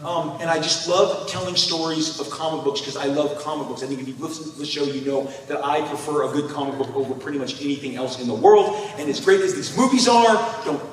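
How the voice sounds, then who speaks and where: A man in his fifties, a comic creator speaking on a convention panel, telling animated stories and acting out voices. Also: on the high side, fairly quick, hardly any pauses, slight background noise. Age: 50s. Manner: animated storyteller who acts out voices. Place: large convention hall. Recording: echoey hall, speaker far from mic.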